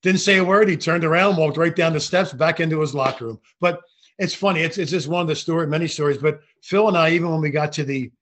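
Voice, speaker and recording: An older man, a retired basketball referee, telling animated stories from his career in an interview. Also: on the high side, quick pace. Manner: animated anecdotal storytelling with frequent restarts. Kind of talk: storytelling interview.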